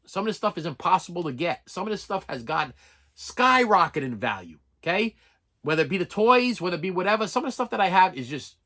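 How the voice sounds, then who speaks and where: A middle-aged man delivers an emotional, unscripted vlog rant. He rambles and repeats himself, often stumbling over restarts. His voice sounds tense and sharp and sits slightly high. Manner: rambling, repetitive, heated, with frequent stammered restarts. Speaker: collector vlogger.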